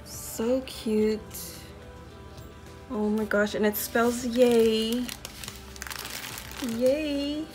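A woman hosting a crafting video, unboxing mail from a friend and gushing over each handmade piece with excited exclamations. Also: on the high side, drawn-out words, pauses often, faint music behind. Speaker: crafting channel host.

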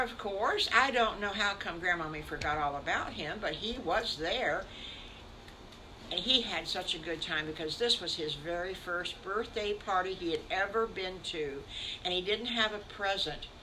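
An older woman spinning a children's story, animated and chatty as she talks to the young listeners. Her voice is bright and clear, with a faint background hum. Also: fairly low pitch, low-quality recording. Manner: warm, animated, addresses children.

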